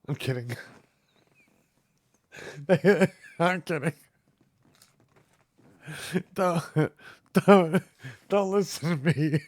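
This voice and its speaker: A man's voice: on the high side, drawn-out words, pauses often, no room sound. A man co-hosting a casual fan podcast, joking and teasing in a laid-back way. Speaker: podcast co-host.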